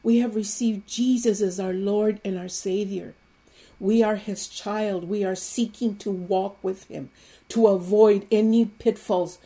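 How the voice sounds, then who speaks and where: A woman preaching an Easter sermon with fervent, emphatic repetition that builds to loud exclamations. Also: mid-range voice, steady tone, unhurried.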